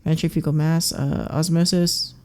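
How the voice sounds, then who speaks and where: A woman live-streaming a study session, reading out terse drug facts in a halting mutter full of fillers. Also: low-pitched, fairly even intonation, warm tone.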